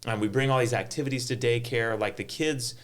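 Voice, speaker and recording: A middle-aged man, a golf tournament director, telling stories in an animated way on a panel, full of "like" fillers. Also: medium pitch, fairly quick. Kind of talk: panel conversation, storytelling.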